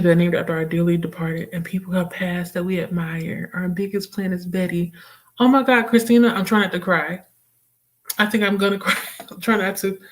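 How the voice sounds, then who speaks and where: A young woman hosting a casual book livestream, chatting expressively with viewers, reading their comments aloud and laughing often. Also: lowish voice. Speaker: booktube livestream host.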